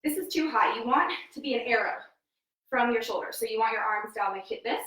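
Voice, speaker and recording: A woman's voice: a little high, lively intonation, a little fast, pushed and bright, recorded from a distance. A woman fitness coach, a bit winded, giving upbeat form cues while exercising at home. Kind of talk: live workout instruction. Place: home room. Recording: echoey room, voice from off-mic.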